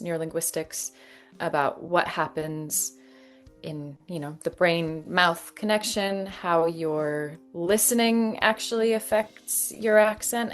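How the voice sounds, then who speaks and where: A Canadian woman in her thirties, an actress and dialect coach telling her story in an interview, lively and often laughing. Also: fairly low pitch. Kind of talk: conversational interview.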